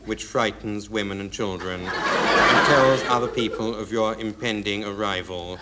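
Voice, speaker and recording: A man speaking slowly and deadpan as a panellist on an old radio panel game. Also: fairly low pitch. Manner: slow, dry, deadpan. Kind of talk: improvised panel game monologue. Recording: old hissy radio recording.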